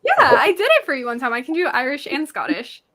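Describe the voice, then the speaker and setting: Chatty bright-voiced woman. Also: high-pitched, sing-song, fast talker. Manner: chatty, laughs often, many fillers. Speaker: radio show host guest. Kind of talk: casual chat.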